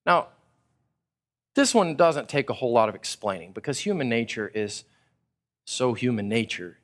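A man from Texas, preaching a sermon and acting out people's thoughts in a casual, animated way. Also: mid-range voice, normal speed. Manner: animated, acts out listeners' thoughts in casual paraphrase. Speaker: pastor.

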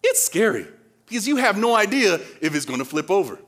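A man preaching a sermon, animated, acting out panicked voices and asking the audience questions, swinging from loud to quiet. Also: sits high, fairly quick. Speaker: pastor.

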